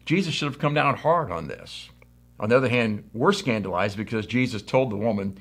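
A man's voice: fairly low pitch, lively intonation, a little fast, husky. A middle-aged man from the United States preaching a conversational sermon, telling stories and acting out quotes. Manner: conversational storytelling with acted quotes. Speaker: pastor.

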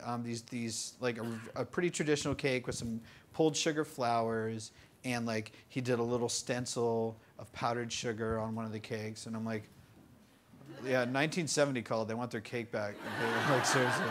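A man in his twenties telling stories in a casual interview, animated, full of fillers and laughing often. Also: medium pitch. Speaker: interview guest. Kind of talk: casual storytelling. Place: bookstore event.

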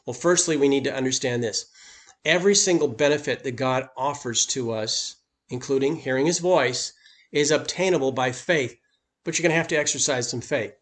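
A man's voice: medium pitch, normal speed, fairly bright tone. A man preaching a sermon as pastor, speaking emphatically and lifting his voice on key points.

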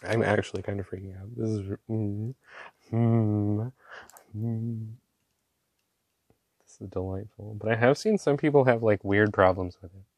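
A man chatting casually while swatching inks, gushing and excitable, with slangy talk and lots of fillers. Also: fairly low pitch, measured pace, long pauses, no echo. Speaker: ink swatching vlogger.

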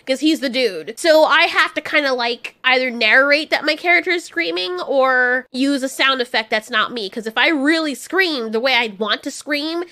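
A woman chatting casually as she reviews a movie, animated and quick to laugh, often acting out the characters' lines. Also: sits high.

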